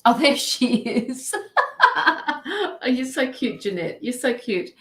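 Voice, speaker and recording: A woman's voice: on the high side, slow, roomy sound. Easygoing woman hosting a tarot live stream. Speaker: tarot reader and stream host. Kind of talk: casual live-stream chat.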